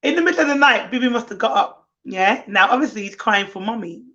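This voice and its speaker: Animated, bright-voiced nanny. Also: female voice, on the high side, fast talker. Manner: animated storytelling, acts out children's voices. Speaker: nanny, co-host. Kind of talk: casual livestream chat. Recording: muffled lo-fi stream audio.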